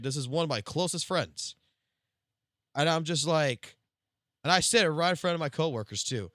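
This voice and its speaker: Foul-mouthed, bright-voiced male streamer. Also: mid-range voice, no room sound, studio quality. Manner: heavy swearing, animated storytelling. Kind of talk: casual storytelling on a live stream.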